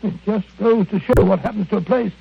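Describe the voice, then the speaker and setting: A man's voice: high-pitched, brisk, creaky, slightly rough, exaggerated voice. An actor playing a flustered, earnest middle-aged doctor companion, telling his story with hesitant, stumbling repeats in 1940s radio acting, heard through a tinny, crackly old broadcast. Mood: recounting.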